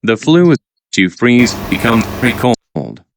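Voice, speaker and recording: A man reading out vocabulary words and their definitions, halting and repeating each word after explaining it. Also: medium pitch, very animated. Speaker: vocabulary teacher. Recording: noisy recording with clicks.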